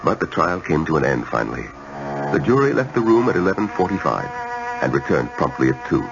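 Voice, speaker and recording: A brooding man recalling a trial, with a very deep, lively voice and a measured, musing delivery. Loud music swells under this dull-sounding vintage radio recording. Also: vocal fry, full character voice. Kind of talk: 1970s radio drama narration. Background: loud music score.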